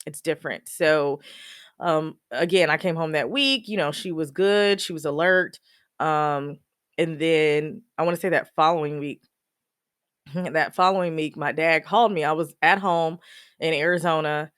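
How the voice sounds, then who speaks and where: A woman podcaster tells her own story in a loose, rambling way, full of "um" and "you know." She laughs often even when the subject is sad. Her voice sits a little low and the sound is dry, with no room echo. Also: unhurried, smooth. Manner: laughs often while telling sad memories; many fillers like "you know" and "um". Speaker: podcast host. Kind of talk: personal storytelling, casual.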